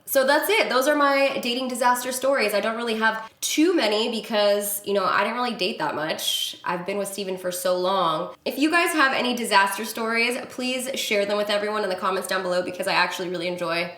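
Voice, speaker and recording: A young adult woman vlogger telling a story to camera in a casual, animated and exasperated way. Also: mid-range voice, brisk, few pauses, roomy sound. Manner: animated, exasperated retelling with acted quotes.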